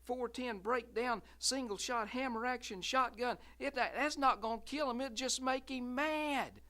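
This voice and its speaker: A man's voice: very high-pitched, a little slow, sharp tone, pitched above the performer's own voice, full character voice. A man storyteller voicing a hesitant young farm boy who frets as he talks. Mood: worried. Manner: hesitant, fretful.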